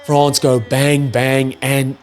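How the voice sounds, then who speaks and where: A young man hosting his own channel, giving a casual, enthusiastic match review with loose, chatty phrasing and excited exclamations. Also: mid-range voice, slow. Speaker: rugby channel host.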